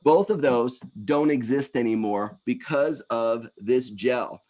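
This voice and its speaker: A man in his fifties giving a lively presentation talk. His voice sits in a middle pitch, and he speaks with energy, rushing through some phrases and slowing for others. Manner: energetic, animated, quick bursts. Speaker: wellness speaker.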